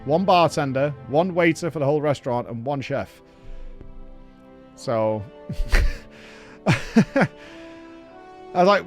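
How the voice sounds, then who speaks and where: A British man streaming a video game, chatting casually and telling stories in a loud, joking way. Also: a little high, slow, long pauses, faint music behind. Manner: animated storyteller, loud and joking. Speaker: gaming streamer. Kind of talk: casual chat while playing a game.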